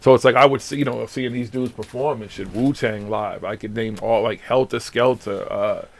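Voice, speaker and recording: A man on a late-night radio show tells long stories in a casual, swearing, lively way. He speaks at an even middle pitch. There is some background noise behind him. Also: moderate pace, vocal fry. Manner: profane, animated storyteller.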